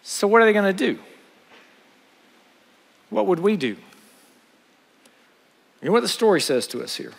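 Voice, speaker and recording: A man's voice: sits high, normal speed, vocal fry, pauses often, long reverb tail. A man preaching a sermon, acting out the voices in a parable and asking his listeners questions. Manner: animated, acts out parable voices, asks the audience questions.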